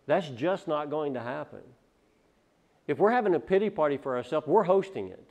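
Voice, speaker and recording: A man preaching a sermon as pastor, firing off loud rhetorical questions and then dropping to quiet asides, often repeating and restarting words. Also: a little high, muffled recording.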